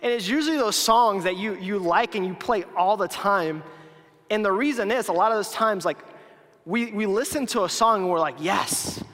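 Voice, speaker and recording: Speaking at normal speed in a high, somewhat bright voice, a young youth speaker gives an informal sermon packed with filler words and restarts, laughing at his own slip-ups. The recording carries a long hall reverb.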